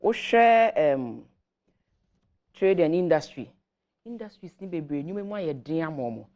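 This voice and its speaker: Ghanaian woman, lowish voice, measured policy explainer on a morning show, switches Twi and English. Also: animated, mellow, muffled recording. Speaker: government guest commentator.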